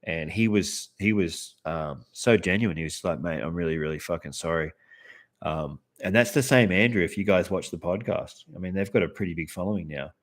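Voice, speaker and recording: A man's voice: low-pitched, moderate pace, hardly any pauses. A man in his thirties with an Australian accent, chatting casually to camera about his cards, laid-back and swearing freely. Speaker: card collector and channel host.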